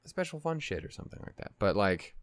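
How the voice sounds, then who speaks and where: A man's voice: fairly low pitch, big pitch swings, fast. A young man casually rambling and swearing while reacting to an anime at his desk at home. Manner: rambling, profane, laughs often.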